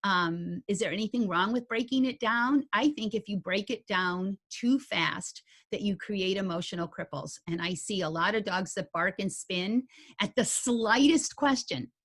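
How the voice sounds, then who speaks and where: A woman instructor talking through dog agility training with her students. Her delivery is folksy and animated, with homey turns of phrase. Her pitch sits in an ordinary middle range. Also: normal speed. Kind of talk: conversational teaching talk.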